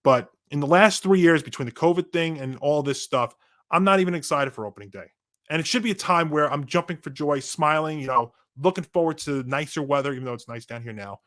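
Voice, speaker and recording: Man, sports podcast co-host, fairly high voice, hoarse, animated rant, casual. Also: brisk. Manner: animated ranting, frequent restarts. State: losing his voice.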